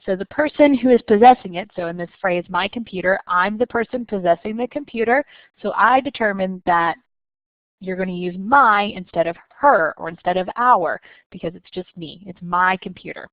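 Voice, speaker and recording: Woman, patient teacher voice, clear explanations, muffled lo-fi audio. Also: mid-range voice, dry recording. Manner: clear, patient explaining with slow stressed examples. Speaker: French teacher. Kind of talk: recorded lesson narration.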